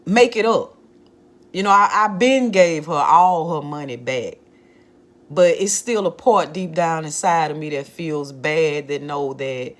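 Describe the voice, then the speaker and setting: A woman vlogger candidly telling a personal story in a conversational monologue, often using "like" as a filler. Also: sits low.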